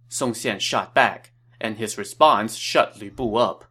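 Guy hosting a history podcast, steady measured storytelling, scripted. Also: on the low side, breathy edge. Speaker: podcast host and narrator.

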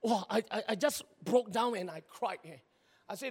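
Man, pastor preaching, lively and exclaiming, high voice, long hall reverb. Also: normal speed, breathy edge. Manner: animated storytelling with Singlish particles, repeated words, bursts of exclaiming. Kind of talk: sermon.

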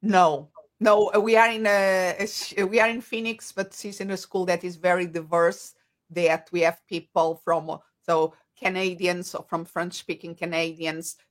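A woman, an English speaker, talking as an interview guest and often pausing to search for words. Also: lowish voice, little pitch movement. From Portugal. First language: Portuguese. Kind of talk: conversational interview.

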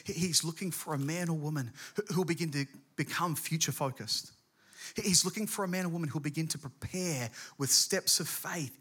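A middle-aged man, a guest pastor, preaching and telling a personal story in animated quick bursts. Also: fairly high pitch, breathy edge.

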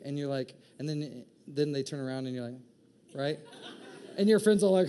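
With a voice that sits high for a man and goes higher as he gets worked up, a pastor preaches a lively sermon. He jokes around and slips into quick impressions of people in his congregation.

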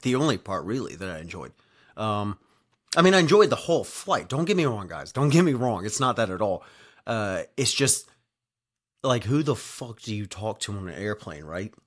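A man with a lowish, slightly bright voice and big swings in pitch speaks at normal speed. He's telling a travel story as a casual, rambling monologue, packed with swearing, fillers and tag questions, leaning hard on "right?".

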